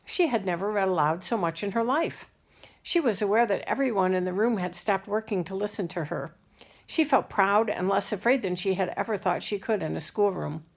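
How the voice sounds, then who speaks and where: Woman, audiobook narrator for a children's classic, mid-range voice with vocal fry. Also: mid-range voice, lively intonation, moderate pace. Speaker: audiobook reader. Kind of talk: scripted narration of a children's novel.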